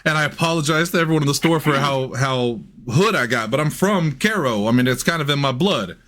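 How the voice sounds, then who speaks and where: A man co-hosting a casual comedy film podcast, telling stories in an animated way and swearing freely. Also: fairly high pitch, a little fast. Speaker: podcast co-host.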